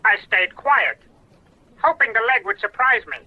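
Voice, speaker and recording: A woman's voice: fairly high pitch, moderate pace, highs cut off, very noisy, close to an everyday voice. A woman voicing a cheeky, bossy talking parrot that teases and barks mock orders in clipped phrases. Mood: teasing. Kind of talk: comic character voice.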